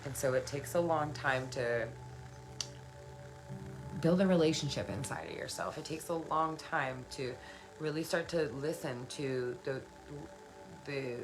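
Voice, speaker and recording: Low-voiced woman encouraging live-stream viewers. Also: unhurried, pauses often, over music, rough recording. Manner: earnest and encouraging, laughs often, repeats phrases. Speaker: spiritual self-help live streamer. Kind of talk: casual live-stream talk, answering viewer comments.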